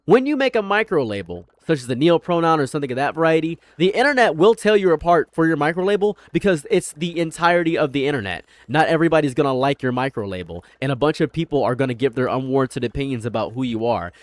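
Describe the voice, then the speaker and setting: A man's voice: a little high, animated, fast talker, few pauses, no echo. A young man chatting casually on a livestream from his room at home, rambling, repeating himself and mocking people. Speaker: streamer.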